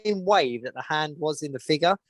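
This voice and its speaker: A man runs through the week's news in relaxed podcast chat, pausing often on "um". His voice sits a bit high. The sound is dry and close. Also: no room sound. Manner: chatty, with many "um"s and recaps. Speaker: podcast co-host. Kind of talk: casual chat.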